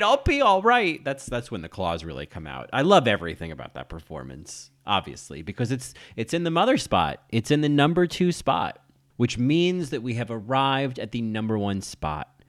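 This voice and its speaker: A man's voice: fairly low pitch, dry recording, clean studio sound. A man hosting a podcast, gushing about film performances in a campy, enthusiastic way. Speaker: podcast host. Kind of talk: casual film commentary.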